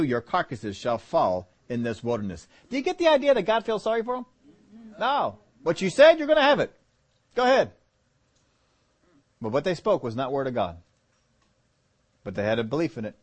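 A man with a slightly high voice preaches to his listeners. His delivery is animated, swinging between scripture readings and playful, laughing asides. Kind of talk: sermon.

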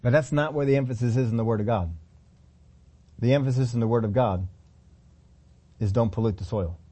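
A man's voice: mid-range voice, a little fast, warm tone. A middle-aged man preaching a sermon as pastor, emphatic, repeating phrases and acting out quotes.

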